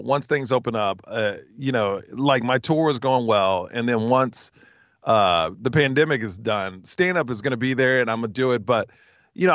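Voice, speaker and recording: A man telling stories in a casual podcast interview, with a smooth radio-announcer voice. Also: mid-range voice, fairly bright tone, no room sound, highs cut off. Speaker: podcast guest, TV host and stand-up comic.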